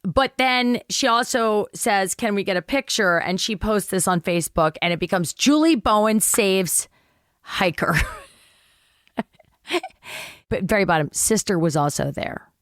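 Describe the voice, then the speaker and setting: A woman guest telling an animated, self-mocking story in casual chat, swearing freely. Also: mid-range voice, unhurried, no room sound, clean studio sound.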